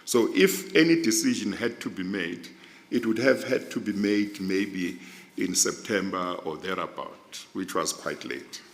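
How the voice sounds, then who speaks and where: Guy 60s, real low voice, slow and careful, big hall echo. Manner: deliberate, careful, fond of restating points. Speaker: interviewee judge. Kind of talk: formal measured explanation. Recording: long reverb in a large hall.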